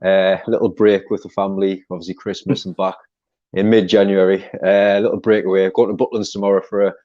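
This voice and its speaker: Low, quick-talking North East English host. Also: male voice, little pitch movement, warm tone. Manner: upbeat, chatty sign-off. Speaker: channel host, interviewer. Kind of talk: casual interview chat. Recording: dull lo-fi audio.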